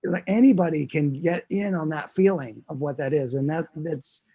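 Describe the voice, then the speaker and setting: A man in casual conversation, telling stories in an earnest, relaxed and reflective way. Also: fairly high pitch, normal speed, husky. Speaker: guest musician. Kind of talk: casual chat.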